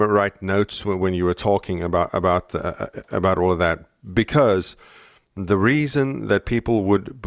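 A man's voice: deep voice, no room sound, clean studio sound. A man co-hosting a parenting podcast, talking earnestly and thinking aloud as he goes. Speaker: podcast co-host. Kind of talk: casual podcast discussion.

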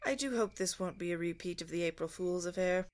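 A woman's voice: on the low side, a little fast, a little mellow, close to an everyday voice. A woman voicing a dignified, weary older male starship captain who speaks in a dry, formal way.

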